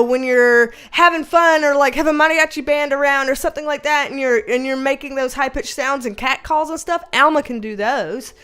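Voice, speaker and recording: A woman's voice: high-pitched, fairly bright tone, clear, resonant tone. Giggly tipsy woman chatting live. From United States. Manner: giggly, rambling, swears casually. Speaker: livestream host reading chat. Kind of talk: casual live chat.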